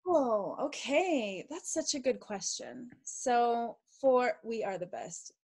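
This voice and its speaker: A woman's voice: on the high side, animated, slow, breathy edge. A woman from the United States in her thirties, a mom and teacher, speaking in an enthusiastic, heartfelt way as an interview guest. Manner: enthusiastic, warm-hearted, speaks directly to kids. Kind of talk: casual interview chat.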